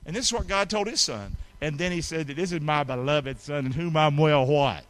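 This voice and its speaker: A middle-aged male pastor preaching a sermon to his congregation, calling for responses and swinging between loud peaks and soft asides. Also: a little high, fairly quick. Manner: call-and-response preaching, rising to shouts then dropping soft. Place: church sanctuary with congregation.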